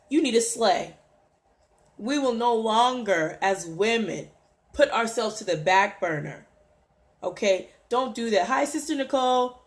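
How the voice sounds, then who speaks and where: A woman's voice: on the high side, animated, measured pace. A woman hosting a motivational livestream, exhorting her viewers and greeting them by name as she preaches. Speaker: livestream host.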